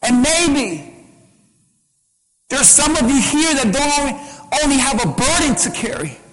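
A man's voice: very high-pitched, expressive, measured pace. A man preaching a sermon as pastor, pressing the congregation with repeated rhetorical questions. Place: church sanctuary. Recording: long church hall reverb.

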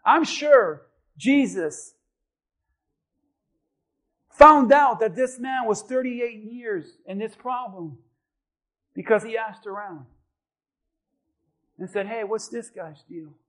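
High-voiced pastor preaching a sermon. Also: male voice, slow pace, long pauses. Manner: preaching with rising shouted refrains and acted-out voices. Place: church.

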